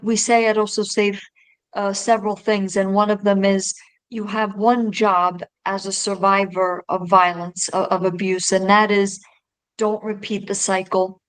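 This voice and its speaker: A woman's voice: mid-range voice, poor audio. A woman speaking as a podcast guest, talking earnestly and emotionally in a rambling way with many restarts. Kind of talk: casual interview talk.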